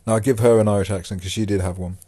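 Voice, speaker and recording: A man's voice: lowish voice, fairly even intonation, racing, dark tone, no room sound, clean studio sound. A man hosting a podcast, talking casually about his time in prison, rambling with many fillers and restarts. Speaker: podcast host and former prisoner. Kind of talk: casual monologue.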